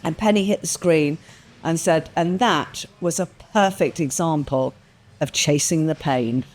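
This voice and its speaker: A woman, a podcast guest, telling a personal story in a lively, expressive way, acting out the quotes and swearing casually. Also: sits low, unhurried.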